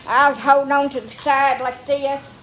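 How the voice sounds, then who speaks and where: Out on rural land with her dogs, a vlogger tells a story into her phone, her talk casual, blunt, salty and self-mocking. Her high-pitched voice stays steady and fairly bright at a moderate pace, with a little hiss or hum on the recording.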